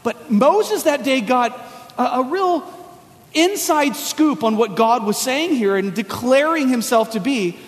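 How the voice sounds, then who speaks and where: High-voiced pastor in a reverberant hall. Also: male voice, expressive, unhurried. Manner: storytelling, casual and folksy with slang. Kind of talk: sermon.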